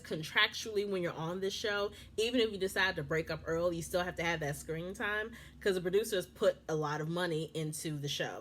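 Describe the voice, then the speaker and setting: A woman's voice: on the low side, slight background noise. Chatty woman recapping a reality show at home. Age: young adult or 30s. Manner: animated, acts out quotes, exasperated asides. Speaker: recap vlogger. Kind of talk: casual TV recap commentary.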